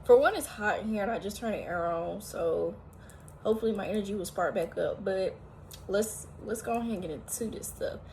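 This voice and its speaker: A woman chatting casually as she cooks at home, tired and a little out of breath, talking at length with sudden loud exclamations. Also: mid-range voice, brisk, a little hiss or hum. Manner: talkative, animated, often exclaiming. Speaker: home cooking vlogger. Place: home kitchen, indoors.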